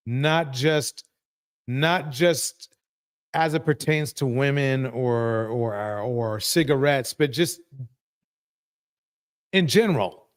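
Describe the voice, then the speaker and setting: A man's voice: mid-range voice, smooth. A man hosting a live talk stream, asking his panel pointed questions. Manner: probing, asks pointed questions.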